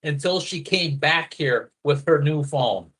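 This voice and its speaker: A man telling a story in casual chat, animated and profane, slipping into quoted voices. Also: on the high side, unhurried. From a foreigner living in Thailand.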